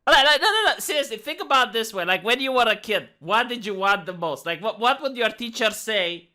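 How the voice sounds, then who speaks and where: A man's voice: high-pitched, animated, brisk, pushed and bright. A man with a Romanian accent hosting sarcastic comedic commentary in a mocking tone. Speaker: commentary host.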